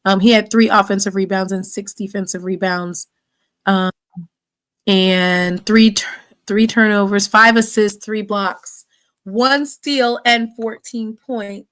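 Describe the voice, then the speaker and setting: A woman's voice: mid-range voice, fairly even intonation, slow pace, a bit bright. Woman, livestream podcast host, casual rambling delivery, filler-heavy. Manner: rambling, many fillers, reading stats aloud. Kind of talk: casual livestream sports talk.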